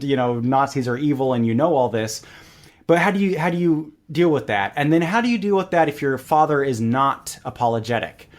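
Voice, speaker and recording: A man talking as a podcast guest, telling stories animatedly with lots of fillers. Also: mid-range voice. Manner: animated storyteller, voices quoted characters, many fillers. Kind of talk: casual podcast chat.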